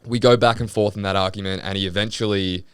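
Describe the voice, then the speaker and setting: A very low-voiced man with a smooth, resonant tone, recorded dry and close. He tells a long story in casual podcast chat, swears freely, and jumps into the lines of the people he argued with. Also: quick pace, no room sound. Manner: animated retelling, acts out quoted exchanges, swears freely. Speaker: podcast co-host.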